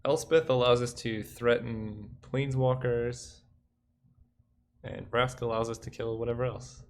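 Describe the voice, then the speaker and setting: A man's voice: medium pitch, fairly even intonation, a little slow, a little hiss or hum. A young man giving casual commentary while playing a digital card game, thinking aloud and counting under his breath.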